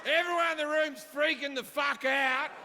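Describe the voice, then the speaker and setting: A man doing stand-up storytelling, swearing freely and shouting his punchlines, recorded live on a theater stage. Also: very high voice, normal speed, a crowd in the background, noisy background. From Australia. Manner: profane, animated, shouts punchlines. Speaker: stand-up comedian. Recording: live hall reverb, audience ambience.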